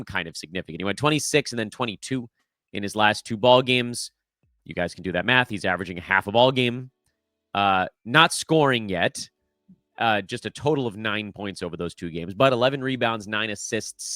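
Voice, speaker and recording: A man's voice: medium pitch, a bit bright, no echo, clean studio sound. A middle-aged man hosting a casual sports podcast, talking in a wry, self-deprecating, chatty way with frequent fillers. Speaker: podcast host. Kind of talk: casual fantasy basketball podcast.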